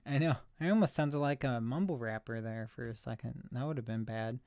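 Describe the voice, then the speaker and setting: Thrift finds are the topic as a man chats casually on a live stream, rambling, self-deprecating and a little out of breath. He has a mid-range, slightly mellow voice, talks fairly quickly, and the recording is dry.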